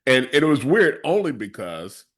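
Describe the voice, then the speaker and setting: A middle-aged man co-hosting a casual podcast discussion, relaxed and chatty, sometimes acting out what people say. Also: a little slow. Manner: laid-back, acts out quoted lines in a higher voice. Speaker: co-host.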